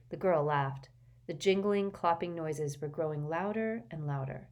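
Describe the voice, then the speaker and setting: A woman with a low voice narrates a novel. Her reading is measured and expressive. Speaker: audiobook narrator. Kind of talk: audiobook narration.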